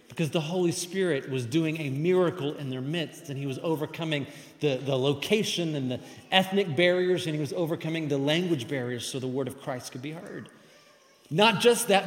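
A man's voice: a little high, fairly quick. A man giving a sermon as pastor, emphatic and conversational. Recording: echoey hall with long reverb.

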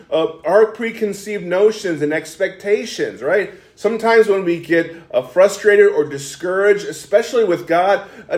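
Animated male preacher in an echoey church. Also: sits high. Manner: animated, acts out quoted speech with frequent restarts. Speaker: pastor. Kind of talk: expository sermon. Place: church sanctuary.

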